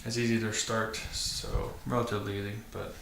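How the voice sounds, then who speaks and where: A man's voice: fairly low pitch, flat delivery, fairly quick, gravelly, fairly bright tone. A man hosting a dirt bike vlog, talking casually to camera with many fillers and restarts in a matter-of-fact way. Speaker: channel host. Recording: echoey room with faint noise.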